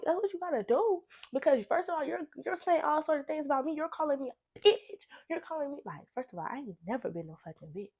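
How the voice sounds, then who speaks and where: A young woman with a high, bright voice tells a storytime to her camera in a blunt, animated way. She swears freely and hammers her points home by repeating herself. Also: lo-fi sound. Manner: animated, blunt and heavily profane, with laughing asides; repeats phrases for emphasis. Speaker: storytime vlogger. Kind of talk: casual storytime monologue.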